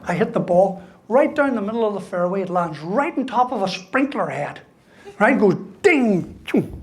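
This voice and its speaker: Man, fifties, comic motivational speaker, anecdotes with a "right?" after every beat. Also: sits high. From Ireland. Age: 50s. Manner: storytelling, punchy jokes, keeps tagging "right?". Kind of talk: humorous keynote speech.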